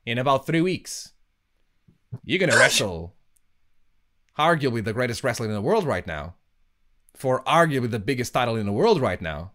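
A man's voice: mid-range voice, sing-song, moderate pace, pauses often, fairly bright tone. A man hosting a casual podcast chat, asking teasing, playful questions of his guest. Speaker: podcast host and wrestling trainer.

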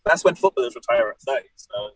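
Animated man with a dry sound. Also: mid-range voice, fast, creaky, breathy edge, no echo, rough recording. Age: late 20s. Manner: animated, jokey storyteller. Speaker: professional wrestler, guest. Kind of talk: casual podcast chat.

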